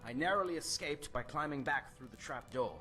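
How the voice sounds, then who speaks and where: A man's voice: fairly high pitch, expressive, brisk, bright, forceful tone, faint music behind. A man voicing a shaken wounded courier.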